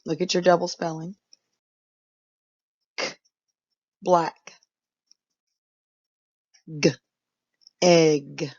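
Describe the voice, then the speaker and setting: A woman teacher leads a patient, unhurried phonics lesson for young children, stretching each word out. Her voice is a little low and has a gravelly edge. The recording sounds dull and lo-fi. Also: steady tone, a little mellow. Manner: patient, instructive, drawn-out words.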